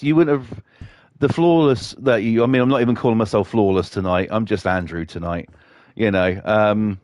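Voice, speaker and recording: A man's voice: on the low side, darkish tone, dry recording. A British man chatting casually on his live stream, rambling and swearing a lot.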